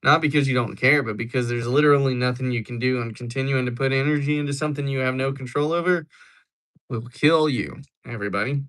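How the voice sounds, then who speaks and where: A man's voice: mid-range voice, fast talker, a bit bright. A young man hosting a livestream, chatting casually and joking as he answers viewers. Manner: joking, rambling replies to chat. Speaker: livestream host.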